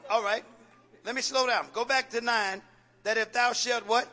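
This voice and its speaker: A man's voice: very high-pitched, fairly even intonation, normal speed, pushed and bright. A man preaching a sermon as pastor, calling out questions for the congregation to answer and repeating phrases with folksy jokes.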